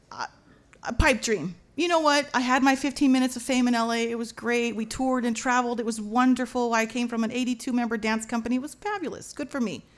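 A woman from Los Angeles telling a personal story as a lively, dramatic monologue, mixing in Spanish slang. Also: on the high side, a little hiss or hum. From Los Angeles, USA.

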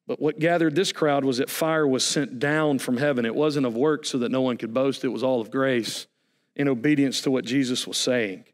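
A man preaching a sermon as pastor, animated and folksy, with jokes and asides to the congregation. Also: mid-range voice, normal speed.

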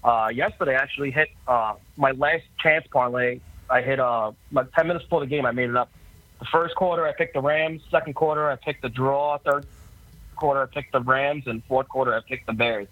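A man with a New York accent calling in as a podcast guest, talking in halting, restarting sentences. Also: medium pitch, dry recording, phone-quality sound. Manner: halting, laughing easily. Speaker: phone-in guest. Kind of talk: casual chat.

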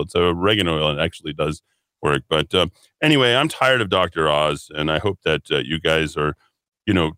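A man's voice: low voice, pushed and bright, no echo. A man hosts a political call-in style radio show, talking at length in an emphatic, rambling way. He restarts sentences often and slips into sarcastic asides, recorded on a dry, close studio microphone. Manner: rambling, emphatic, addresses listeners as folks. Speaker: radio talk show host. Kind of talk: opinionated political talk radio.

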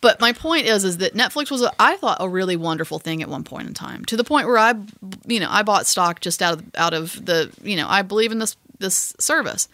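A woman co-hosting a podcast in casual chat, rambling, animated, swearing freely and mocking herself. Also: medium pitch, fairly quick, few pauses. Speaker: podcast co-host.

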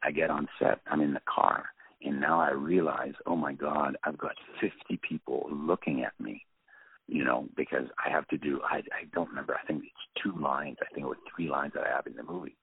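A man's voice: very deep voice, steady tone, brisk, creaky, breathy edge, no room sound. A man, a film director, telling a rambling, self-deprecating story with frequent restarts. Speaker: interview guest, film director. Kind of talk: casual anecdotal storytelling. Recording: tinny phone-line radio audio.

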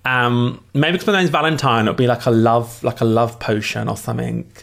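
A man's voice: mid-range voice, steady tone, moderate pace, gravelly, a bit bright. A man co-hosting a casual podcast chat, giggly and camp, often laughing as he talks. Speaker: podcast co-host.

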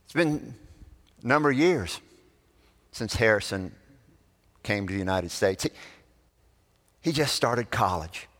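Slow-spoken preacher in a reverberant hall. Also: male voice, fairly low pitch, lively intonation. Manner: storytelling, swelling loud then dropping to a hush. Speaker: pastor. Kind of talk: sermon. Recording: long reverb of a large hall.

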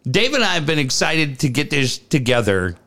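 A man's voice: fairly high pitch, sing-song, moderate pace, pushed and bright. A man co-hosting a sports podcast, chatting casually in an upbeat, rambling way as he plugs upcoming shows. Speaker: podcast co-host.

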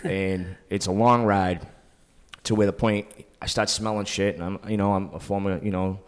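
A man's voice: low-pitched, clear, resonant tone. A man, a podcast guest, telling a story in casual conversation, swearing a lot and acting out the people he quotes. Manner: fast, profane, animated, acts out quotes.

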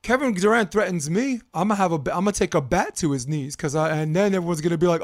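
A man with a somewhat high voice co-hosts a sports debate show. He argues with heat and rambles, restarting phrases and stumbling over his words as he builds his case. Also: quick pace, hardly any pauses. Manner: heated, rambling, repeats words, laughs. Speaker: co-host.

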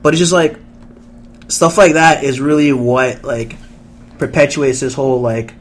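A man's voice: medium pitch, steady tone, unhurried, pauses often, a little hiss or hum. A young man in his twenties chatting casually, full of fillers and boastful trash talk. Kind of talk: casual chat.

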